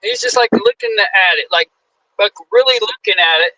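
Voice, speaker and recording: A man in his forties, a guest wrestler, telling a story in a casual, animated way, acting out the quotes and swearing freely. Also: high voice, moderate pace, slight background noise, low-quality recording. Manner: animated, acts out quotes in shifting voices.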